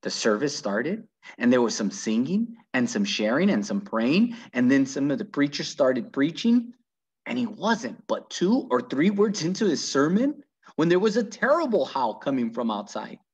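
A man reading a children's book aloud with very lively, animated storytelling. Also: medium pitch, moderate pace, husky. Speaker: reader.

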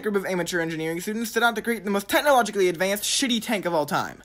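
A man's voice: high-pitched, lively intonation, very fast, hardly any pauses, a bit bright. A young man telling a comedic story from his school days in a sarcastic, mock-dramatic way. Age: young adult.

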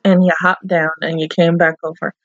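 A woman's voice: lowish voice, little pitch movement, moderate pace, dry recording, lo-fi sound. A woman hosting a casual anime reaction video, laughing often and cooing baby talk at her dog.

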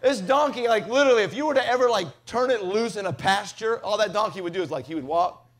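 A male evangelist from Mississippi, telling a comic story in an animated way during a revival sermon. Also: high-pitched, fast.

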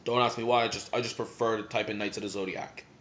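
A man's voice: lowish voice, fairly even intonation, fast talker, a bit bright. Rambling young man telling anime stories. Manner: rambling, many "like" fillers. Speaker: vlogger. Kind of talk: casual storytelling. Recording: slightly muffled lo-fi recording.

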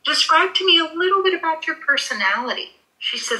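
A woman working as a pet psychic in a session, soothing and reassuring, often halting with fillers. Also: sits high, sing-song, sharp tone, poor audio. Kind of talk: animal communication session.

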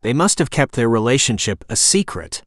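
A man's voice: medium pitch, sing-song, moderate pace, no room sound, studio quality. A man voicing a stern, protective sheriff's deputy who speaks in a grim tone. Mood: gentle.

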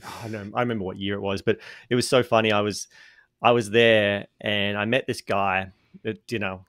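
An Australian man from Sydney, a guest on a podcast, talking in a relaxed, chatty way. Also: fairly low pitch, brisk, smooth, dry recording, clean studio sound. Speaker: podcast guest, business owner. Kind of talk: casual podcast interview.

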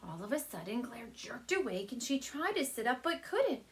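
A woman's voice: on the high side, moderate pace. Lady teacher doing a kids read-aloud from her couch, bouncy sing-song voice. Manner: gentle, animated storyteller addressing kids. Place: home, on a couch.

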